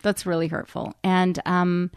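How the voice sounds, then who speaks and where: Candid, chatty woman with a low voice. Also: flat delivery, a little slow, clean tone, no room sound, clean studio sound. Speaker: radio personality, interview guest. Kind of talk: candid storytelling in a podcast interview.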